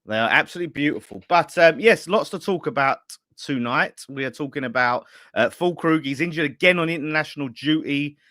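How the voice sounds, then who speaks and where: A man hosting a casual football fan show over a pint, talking in a lively way and laughing often. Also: a little high, brisk, hardly any pauses, no room sound, studio quality. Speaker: fan channel host. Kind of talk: casual pub-style football chat.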